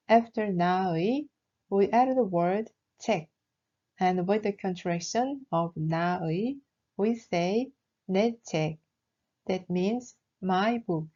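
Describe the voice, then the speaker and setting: Woman language teacher, careful scripted voice-over, soft dark tone, lo-fi sound. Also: mid-range voice. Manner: slow, careful explaining with example words. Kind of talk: scripted lesson narration.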